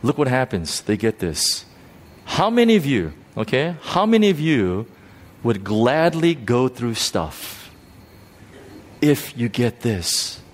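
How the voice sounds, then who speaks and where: A male pastor preaching a sermon in a church, animated and emphatic, often repeating himself as he builds to a point. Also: slow. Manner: animated preaching, rising to high pitch for emphasis, frequent repetitions.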